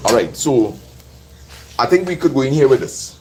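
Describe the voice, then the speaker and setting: A man's voice: mid-range voice, very animated, normal speed, a little mellow, slight background noise, rough recording. A man with a Trinidadian accent chatting and teasing live viewers as he cooks at his kitchen stove. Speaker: cooking vlogger streaming live. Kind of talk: casual chat to live viewers while cooking. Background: frying sizzle.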